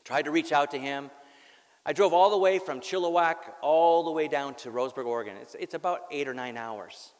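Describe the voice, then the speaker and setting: Earnest pastor preaching in a reverberant hall. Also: male voice, a little high, fairly quick. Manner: earnest, candid, wry jokes, repeats words. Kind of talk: sermon with personal story. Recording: long reverb of a large hall.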